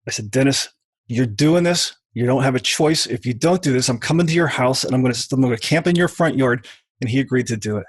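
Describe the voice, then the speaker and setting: A middle-aged man, a book author, as a podcast guest telling lively stories and acting out the voices in them. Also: medium pitch, brisk, breathy edge, no room sound. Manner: animated storyteller who mimics voices in quoted anecdotes. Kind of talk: podcast interview, storytelling.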